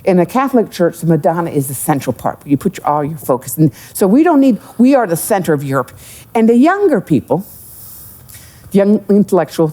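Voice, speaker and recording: A middle-aged woman, an economic development executive, telling stories as a guest on a live podcast, with asides and jokes. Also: fairly low pitch. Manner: animated storyteller, jokes and asides. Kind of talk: live podcast interview with audience.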